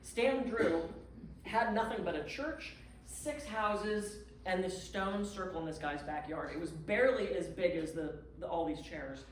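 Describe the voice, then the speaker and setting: A woman tells a story to a live audience, animated and self-mocking, with dramatic swings in her telling. She sounds distant from the mic, in a very echoey room with faint noise behind her. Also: fairly low pitch, a little slow. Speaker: guest speaker. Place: community clubhouse event room.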